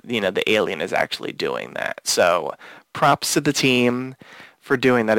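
A man with a gravelly, fry-laden voice hosts a casual podcast chat, rambling through restarts and fillers. The sound is dry and close, with no room around it. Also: mid-range voice, a bit bright, no room sound. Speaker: podcast host.

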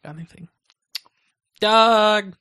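Bright-voiced young man hosting a podcast. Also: high-pitched, slow, clean tone. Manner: rambling, hesitant, lots of ums. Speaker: podcast host. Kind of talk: casual chat.

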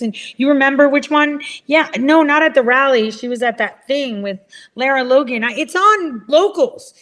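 A woman ranting in casual chat, rambling and swearing, switching to a higher voice when she mimics other people. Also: expressive, moderate pace, a bit bright.

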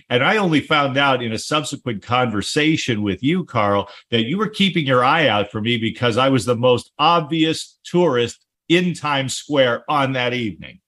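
A man's voice: medium pitch, lively intonation, moderate pace, few pauses, fairly bright tone. A man hosting a travel talk show, recalling his own trip in a reflective, enthusiastic way with wordy phrasing. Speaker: host. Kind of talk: casual interview chat.

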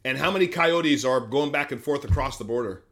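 A man's voice: mid-range voice, fairly quick, a crowd in the background. A man hosting an interview over a video call, reacting in short, broken phrases. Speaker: host. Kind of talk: interview talk.

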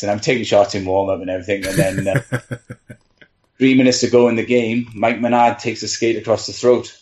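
This team trainer tells rambling stories during a relaxed podcast panel, with frequent laughter and "you know"s. He speaks fairly low, fairly quickly and with fairly even intonation, pausing often in a slightly mellow voice.

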